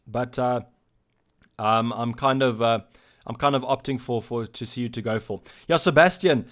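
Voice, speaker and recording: Streaming from his own channel in a relaxed mood, a South African man reads out what viewers type in chat and responds to each one. He speaks loosely and haltingly, with a typical mid-range male pitch.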